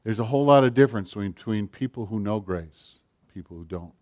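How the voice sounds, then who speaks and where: A middle-aged man preaching a sermon, rising to loud passages and dropping to near-whispers. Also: lowish voice, lively intonation, fast talker. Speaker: pastor.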